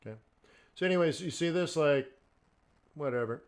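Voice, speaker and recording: A man's voice: fairly high pitch, moderate pace, smooth. A man hosting a live trading stream, giving loose, chatty market commentary and checking in often with the viewers. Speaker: forex trader and stream host.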